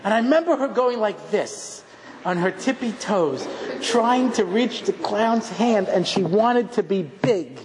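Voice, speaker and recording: A middle-aged man giving a rabbi's lecture, telling funny stories in an animated, self-mocking way and acting out scenes. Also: high-pitched, unhurried. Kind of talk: humorous storytelling lecture. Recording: long hall reverb, faint background noise.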